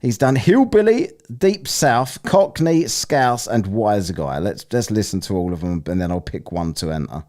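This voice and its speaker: A man's voice: lowish voice, expressive, a little slow, few pauses, darkish tone. A man hosting a casual live-stream, rambling, swearing and laughing as he plays listener clips. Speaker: streamer hosting a soundbite contest.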